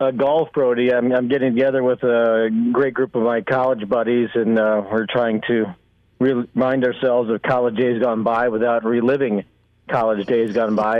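A man's voice: mid-range voice, steady tone, normal speed, dry recording. A man calling in to a sports radio show as a guest analyst, wry and rambling with many fillers. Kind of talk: sports talk radio call-in. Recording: tinny phone line.

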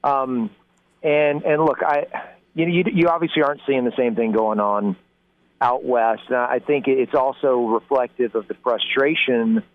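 A man's voice: medium pitch, fairly even intonation, a little slow, dry recording. A man, a college football analyst, calling in as a guest and speaking thoughtfully with many restarts. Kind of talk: phone-in interview. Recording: tinny phone line.

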